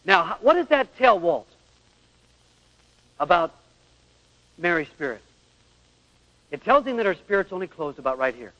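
With a high, sing-song, sharp-toned voice at normal speed and long pauses, a man delivers an earnest marriage lecture. He poses rhetorical questions and acts out examples. Long hall echo fills this dull radio recording.

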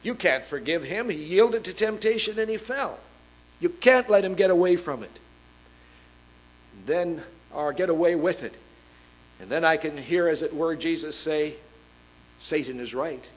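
Earnest preacher man, slightly high voice. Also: low-quality recording. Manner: earnest preaching that reads scripture aloud; emphatic, slowing and stressing key words. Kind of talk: sermon.

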